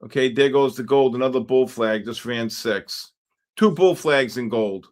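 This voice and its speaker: A New York trading streamer speaks at a measured pace with a medium-pitched voice. While trading live he chats casually, rambling and joking, telling lively stories between market calls and speaking directly to chat in asides.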